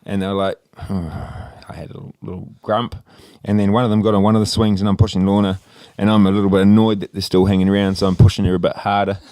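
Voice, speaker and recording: A man's voice: low voice, level tone, fast, few pauses, mellow, no echo, studio quality. A young Australian man telling a long story in casual podcast chat, rambling, laughing and swearing freely. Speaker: podcast co-host.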